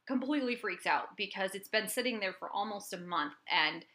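A woman with a bright, clear voice tells a true-crime case to her co-host. Her delivery is chatty and loose, full of fillers and asides. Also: medium pitch, a little fast. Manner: chatty and animated, with lots of fillers. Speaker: podcast co-host and storyteller. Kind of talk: casual true-crime storytelling.

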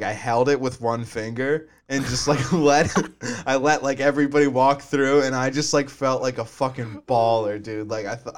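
A man in his twenties chatting casually, meandering through a story and swearing, calling his friend "dude". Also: mid-range voice. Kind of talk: casual chat.

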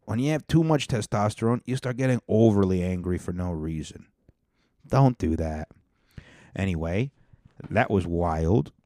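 A man's voice: deep voice, animated, normal speed, mellow, no room sound, studio quality. A man hosting a podcast, reacting to viral clips in a casual, profane, laid-back way. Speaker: podcast host.

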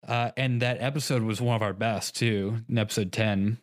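A young man with a fairly low voice chats casually as a podcast co-host. He rambles and restarts his sentences, often laughing at himself. The recording is dry and close. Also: steady tone, moderate pace, no echo. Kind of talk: casual chat.

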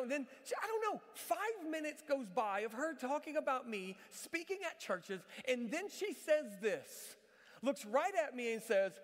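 A man, a traveling church speaker, telling a story in a sermon with animated, self-mocking energy. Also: extremely high pitch, normal speed, big-room sound. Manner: says he can be loud.

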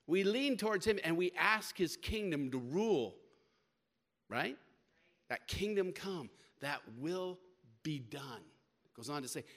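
Bright, emphatic man preaching a sermon. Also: sits high. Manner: emphatic preaching, rising and falling loudness, casual slang. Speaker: pastor.

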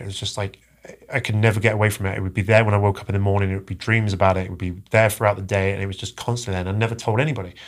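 A man telling a personal story as a podcast guest, halting and earnest, often repeating his words. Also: on the low side. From England.

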